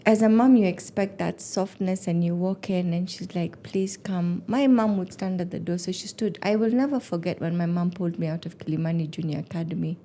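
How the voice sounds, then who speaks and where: Woman, 40s, podcast guest, animated storyteller, mellow low voice. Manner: animated storyteller, acts out quotes. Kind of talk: casual chat.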